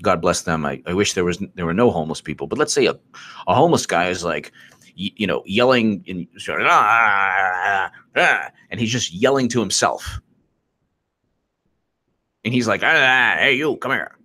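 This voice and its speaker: A man's voice: sits low, animated, fairly quick, long pauses, a bit bright. A man hosting casual political commentary on a live stream, repetitive and sarcastic, often exasperated.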